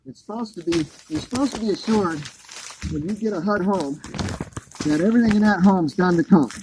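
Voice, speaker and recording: A man with a high voice talks briskly as he crawls under his home, ranting angrily and sarcastically about a botched installation. It's an annoyed walkthrough vlog from the homeowner, with a noisy background.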